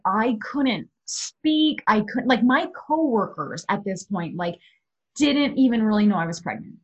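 A woman in her thirties telling a story in casual chat, animated and filled with "like". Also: on the high side, slightly rough, muffled recording.

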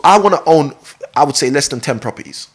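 A man's voice: on the high side, animated, fast, husky. A man talking about property investing in a casual conversation, emphatic and repeating his key points.

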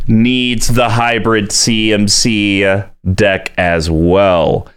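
A man hosting a casual chat, arguing his point in an animated way. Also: medium pitch, slow pace, clean tone. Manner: animated, argumentative. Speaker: podcast host.

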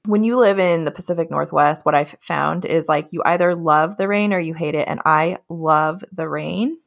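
Giggly woman telling stories, lowish voice. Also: moderate pace, creaky, no echo, studio quality. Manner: giggly, storytelling, lots of "like". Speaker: guest. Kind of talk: casual chat.

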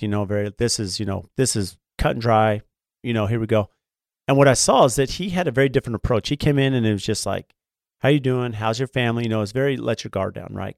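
A man, a builder, chatting casually on a podcast. He talks quickly with a gravelly, fry-tinged voice. He rambles and restarts often, recorded close and dry. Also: lowish voice, no echo. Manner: fast, rambling, many fillers and restarts. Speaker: podcast co-host, home builder. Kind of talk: casual conversational chat.

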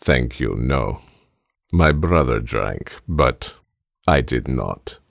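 A man's voice: rumbling low, animated, takes it slowly, creaky, no room sound, clean studio sound, heavily acted. A man voicing a formal, stilted Romanian man with a Romanian accent. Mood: stiff. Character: stiff, formal Romanian man, mysterious buyer.

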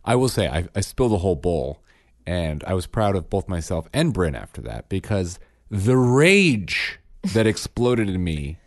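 Man, low voice, very lively pitch, animated storytelling, laughs a lot, dry close mic. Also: moderate pace, no room sound. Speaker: podcast co-host, parent. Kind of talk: casual chat.

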